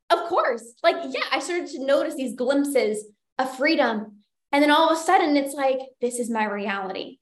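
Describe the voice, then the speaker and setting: Chatty high-voiced woman podcaster. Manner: chatty, encouraging, many "like" fillers. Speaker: podcast host and binge eating coach. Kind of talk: casual solo podcast talk. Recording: roomy echo.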